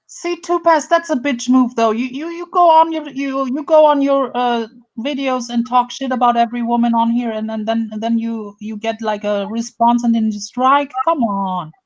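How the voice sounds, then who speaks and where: A woman's voice: a little high, steady tone, normal speed, few pauses, highs cut off. A woman who is a guest on a live stream panel. She talks in a frank way and stumbles over her words. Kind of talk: casual live stream chat.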